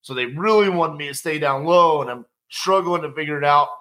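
A man telling a personal story in a conversational, animated way, with quick asides to the listener. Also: a little high, low-quality recording. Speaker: storyteller recounting a personal experience.

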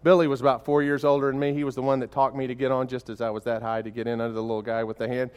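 A man preaching a sermon in a folksy, conversational way, telling stories with animated swings from quiet and slow to loud and excited, often restarting his words. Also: medium pitch, clean tone. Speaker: pastor.

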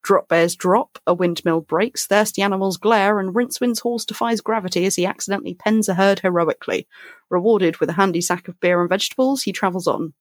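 A woman co-hosting a book podcast, recapping the plot in quick alliterative summaries and chatting casually. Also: mid-range voice, no room sound, clean studio sound. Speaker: podcast co-host.

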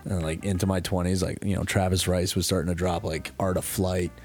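A young man from New York co-hosting a podcast, telling stories in a loose, profane, animated way. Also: deep voice, fairly quick, soft background music. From Bedford, New York. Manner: profane, animated storytelling with impressions and laughs. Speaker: podcast co-host. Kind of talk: casual podcast chat.

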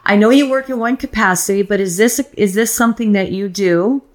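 A woman's voice: medium pitch, a little fast. A woman hosting a podcast, asking questions in a casual, roundabout, enthusiastic way. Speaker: podcast host. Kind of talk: casual interview.

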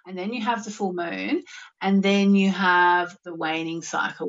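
A woman's voice: fairly low pitch, steady tone, unhurried. A woman with an Australian accent hosting a spiritual live show, chatting casually and rambling with lots of filler words. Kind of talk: casual live-stream chat. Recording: muffled lo-fi recording.

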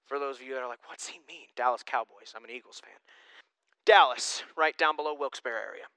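A young man delivers a sermon with a bright, forceful voice that stays smooth and clear. He talks in an animated, joking, conversational way, and the sound is dry and close. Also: medium pitch, quick pace, dry recording, poor audio. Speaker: pastor.

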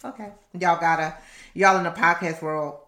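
A woman's voice: fairly low pitch, normal speed, roomy sound. Emphatic woman reading her own book. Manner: assertive, emphatic and animated, with laughs. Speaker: author and podcast host.

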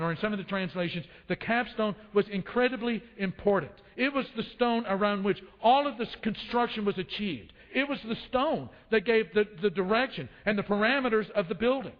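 A man preaching a sermon to his congregation, calling for responses and repeating phrases for emphasis. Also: high voice. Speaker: pastor. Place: church sanctuary. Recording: dull sound in a reverberant church hall.

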